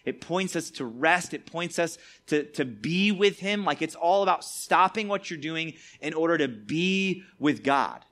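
This youth preacher's voice is a little high and a bit bright, with lively intonation and an unhurried pace that has few pauses. He gives a casual, chatty Bible lesson, sprinkling in "like" and tag questions such as "all right?"

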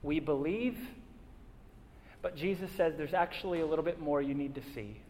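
Male pastor, fairly high voice, earnest sermon delivery with rhetorical questions, long reverb of a big hall. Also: normal speed, darkish tone, a little hiss or hum.

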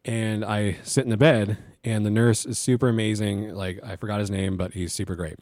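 A young man casually telling a personal story to the camera, animated, swearing and laughing as he goes. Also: on the low side, moderate pace, no room sound.

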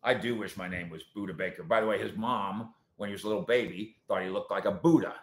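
A man hosting a sports talk show, answering viewer comments in an animated, sarcastic way that swings between loud points and quiet asides. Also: on the low side, fast, a little hiss or hum. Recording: roomy echo.

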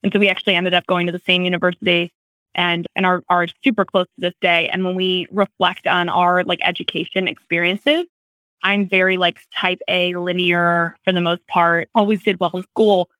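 A woman's voice: on the low side, level tone, moderate pace, bright, forceful tone, clean tone, no room sound, low-quality recording. Thoughtful woman interview host. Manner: thoughtful, reflective questions with fillers. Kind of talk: casual interview.

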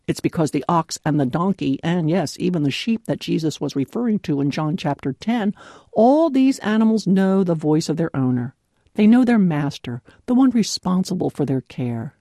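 A woman giving a devotional talk in an earnest, clearly enunciated way, laughing often. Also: medium pitch, mellow, dry recording, studio quality. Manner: clear, carefully enunciated delivery. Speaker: devotional speaker.

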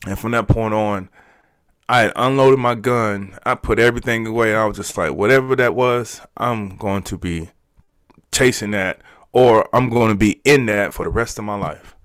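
A man's voice: fairly low pitch, a bit bright, smooth, no room sound. A man, telling a personal story in a candid, emotional way, often restarting his words. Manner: emotional, halting, repeats words. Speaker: podcast guest.

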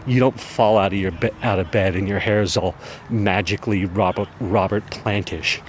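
A man with a fairly low voice quoting an adult woman friend who eagerly and insistently presses him with questions. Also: fairly even intonation, normal speed, a little hiss or hum, lightly acted.

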